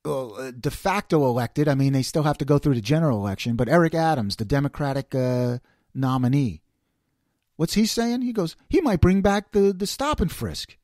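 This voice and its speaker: A man's voice: a little high, lively intonation, normal speed, darkish tone, no room sound, studio quality. A man hosting an opinionated solo commentary, ranting and firing off rhetorical questions. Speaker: host.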